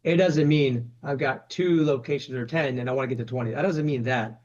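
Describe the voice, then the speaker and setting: A man's voice: mid-range voice, fairly quick, a little mellow, dull audio. A man speaking as a private equity guest in a casual interview, talking conversationally and often adding "you know" and "right?".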